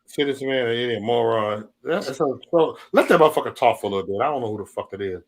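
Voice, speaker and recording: A man's voice: mid-range voice, quick pace. A man hosting a casual livestream from home, talking in loose, profane, laughing banter. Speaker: livestream host.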